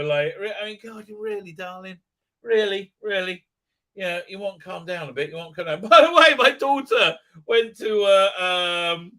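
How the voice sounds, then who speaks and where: A man's voice: sits high, bright, forceful tone. A middle-aged man hosting a live stream, rambling casually with lots of fillers and blunt jokes. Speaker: host.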